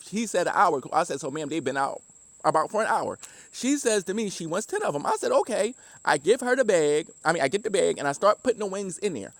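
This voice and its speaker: A Southern man who used to work at a deli gives personal testimony in a high, earnest voice, often starting his sentences over. The sound is close and dry, with no echo.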